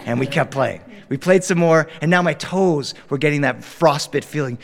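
A middle-aged man from Delaware telling a story live to a studio audience, animated and playful. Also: on the high side, normal speed, creaky, hardly any pauses. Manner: animated, warm, playful, acting out characters. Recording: long reverb in a studio hall.

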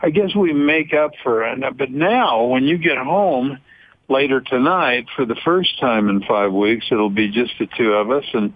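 A man's voice: mid-range voice, measured pace, slight background noise. Grandfather radio host, tinny and narrow. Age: older. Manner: rambling, chuckling, many fillers and restarts. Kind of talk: casual radio chat. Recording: narrow phone-like radio sound.

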